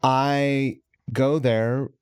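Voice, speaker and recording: A man's voice: mid-range voice, steady tone, drawn-out words, darkish tone, clear, resonant tone, dry recording, studio quality. A man hosting a podcast, chatting casually and swearing freely with a guest. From Seattle. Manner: laid-back, profane, chatty. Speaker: podcast host. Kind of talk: casual chat.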